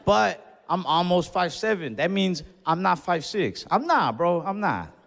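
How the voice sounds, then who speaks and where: A man's voice: sits high, sing-song, a little slow, creaky, fairly bright tone. Young man telling stand-up stories on stage. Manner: casual, conversational storytelling with Spanish asides. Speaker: stand-up comedian. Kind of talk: stand-up routine. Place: comedy club stage before a laughing audience. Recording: live stage mic with long hall reverb.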